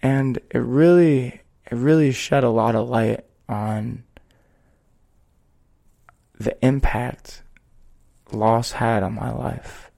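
A man hosting a podcast, talking in a slow, measured and earnest way as he tells a personal story. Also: medium pitch, fairly even intonation, gravelly, warm tone. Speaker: podcast host. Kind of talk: reflective podcast conversation.

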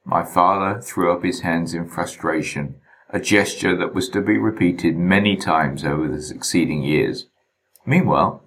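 A man reading his memoir in a wry, deadpan way. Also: deep voice. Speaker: narrator.

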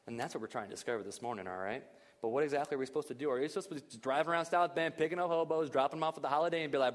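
A man's voice: a little high, racing. Man preaching in an echoing hall. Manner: lively, conversational preaching with frequent rhetorical questions. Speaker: pastor. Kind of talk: sermon. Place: church service.

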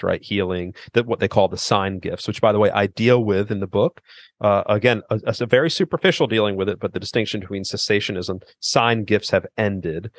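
A man's voice: fairly low pitch, fairly quick, dry recording. A middle-aged man, a seminary president and author, earnestly explaining theology as a podcast guest, with frequent restarts. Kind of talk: theological interview conversation.

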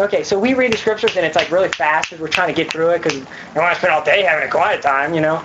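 A woman's voice: low voice, fast, few pauses, lo-fi sound, background noise. A woman giving a casual youth sermon, chatty and full of fillers, acting out scenes in voices. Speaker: youth speaker.

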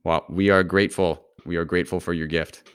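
A man's voice: sits low, level tone, a little fast, smooth. A man hosting a podcast, graciously thanking his guest and reading the show's sign-off. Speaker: podcast host. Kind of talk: podcast interview and outro.

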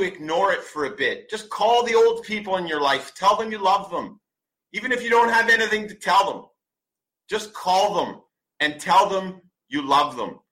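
A man in his forties preaches self-love with a tense, forceful edge. His voice sits a little higher than most men's. He talks bluntly, swears freely and hammers home his points by repeating them. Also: low-quality recording. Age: 40s. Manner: emphatic, blunt, swears often; preachy, repeats commands for stress. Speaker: podcast host. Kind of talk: motivational monologue.

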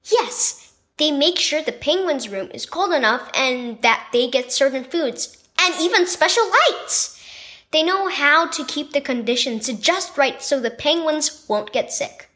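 A woman's voice: sits high, lively intonation, unhurried, pushed and bright, heavily acted. A woman voicing a cheerful young girl in a children's storybook devotional, speaking eagerly. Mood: excited. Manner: eager, chirpy.

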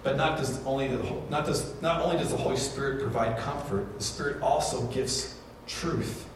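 A man's voice: moderate pace, distant mic, noisy background. Man preaching in a very echoey church. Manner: storytelling, rises to high emphatic peaks. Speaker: pastor. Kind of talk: sermon. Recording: very echoey room, voice from afar.

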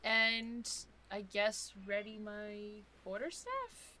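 A woman's voice: medium pitch, animated, extremely slow, bright, forceful tone, a little hiss or hum. A woman playing a tabletop game, describing her moves tentatively. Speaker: player. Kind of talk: casual tabletop play.

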